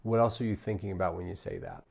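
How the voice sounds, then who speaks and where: Speaking fast in a deep, husky, creaky voice with a darkish tone and huge swings in pitch, a man gives a customer service training lecture. He coaches, checks in with "right?" again and again, and acts out quotes from customers and staff.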